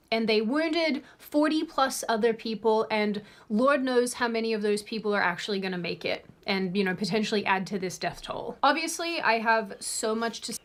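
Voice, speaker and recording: A woman from Sydney talks straight to camera on her channel, giving opinionated political commentary. Her delivery is earnest and heated, with some laughs of disbelief mixed in. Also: a little high. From Australia, Sydney. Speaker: video essay host.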